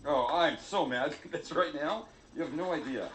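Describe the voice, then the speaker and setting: A man's voice: on the high side, normal speed, few pauses, fairly bright tone, roomy sound, slight background noise. A man hosting a cooking video, chatty and jokey, poking fun at himself as he cooks. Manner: jokey, self-mocking, chatty. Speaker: cooking show host.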